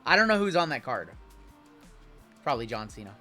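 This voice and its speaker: Bright-voiced man hosting a card break. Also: medium pitch, big pitch swings, brisk, faint music behind. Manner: chatty, rattles off cards and spots while joking with viewers. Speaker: sports card break host. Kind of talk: live-stream card break commentary.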